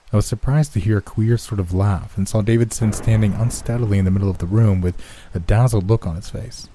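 A man reading a horror story as scripted first-person narration in a measured, steady way. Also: on the low side.

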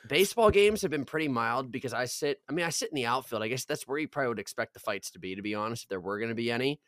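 A man's voice: medium pitch, expressive, very fast, fairly bright tone, dry recording, studio quality. Laid-back swearing young man, podcast chat. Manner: laid-back, profane, says "bro" a lot. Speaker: podcast co-host. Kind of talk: casual chat. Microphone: podcast mic.

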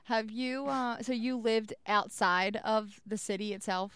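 A woman's voice: on the high side, fairly even intonation, measured pace, fairly bright tone, clean tone, no room sound. A woman co-hosting a podcast, chatting casually in a playful, teasing way. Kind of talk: casual chat.

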